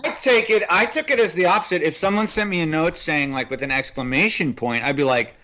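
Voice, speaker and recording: A man's voice: a little high, a little fast, bright, forceful tone, dull audio. A man co-hosting a film review podcast, dry and contrarian in casual banter. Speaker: podcast co-host.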